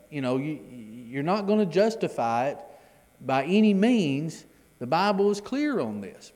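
A man's voice: a little high, darkish tone, in a large hall. A middle-aged man teaching a Bible class in a conversational way, often repeating his words as he explains the reading. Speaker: preacher.

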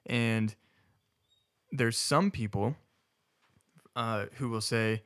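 A man's voice: mid-range voice, extremely slow, fairly bright tone. Rambling, self-correcting man in chat. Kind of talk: casual podcast discussion.

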